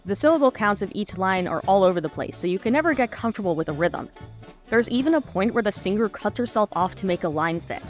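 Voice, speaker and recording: A woman's voice: mid-range voice, animated, fast talker, soft background music. A woman narrating a scripted video essay in a wry, analytical manner.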